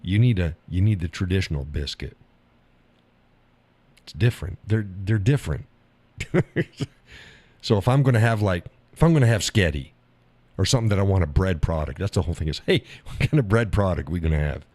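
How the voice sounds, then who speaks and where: A man's voice: low-pitched, animated, brisk, pauses often, darkish tone, dry recording. A man hosting a live stream, chatting casually with viewers in a folksy, drawling way and laughing often.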